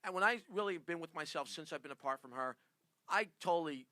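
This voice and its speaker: A man's voice: a little high, lively intonation, fast, pushed and bright, no echo. Rambling, laughing male radio host. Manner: rambling, laughs often, stammers and repeats himself. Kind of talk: casual studio chat.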